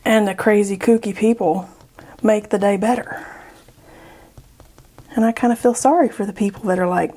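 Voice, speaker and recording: A woman's voice: mid-range voice, normal speed, long pauses, mellow. Giggly, chatty woman painting on camera. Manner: laughs often, bubbly and joking. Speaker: art YouTuber.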